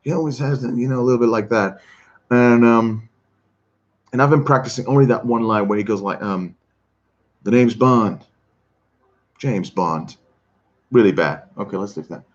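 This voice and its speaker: A man hosts a relaxed livestream, reading comments and talking in a halting way. He often doubles back on his words and chuckles between thoughts. His voice sits at an ordinary middle pitch, and the stream audio sounds slightly dull. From Switzerland. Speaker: livestream host. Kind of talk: casual chat reading viewer comments.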